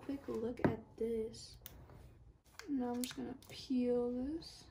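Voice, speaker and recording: A young woman filming an unboxing vlog, excited and gushing, sometimes dropping to a whisper. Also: fairly high pitch, takes it slowly, creaky, background noise. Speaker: YouTuber.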